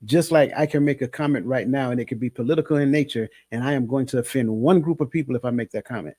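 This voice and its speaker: Husky-voiced male coach, measured and emphatic. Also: mid-range voice, dark tone, no room sound, clean studio sound. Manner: measured, emphatic, repeats himself. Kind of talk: casual discussion.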